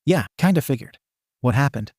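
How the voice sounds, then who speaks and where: A cheerful male hero teacher comforts his student softly, voiced by a man. He reassures her in an everyday mid-range voice. The recording is close and dry. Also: medium pitch, animated, normal speed, no room sound. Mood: gentle. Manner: gentle, reassuring.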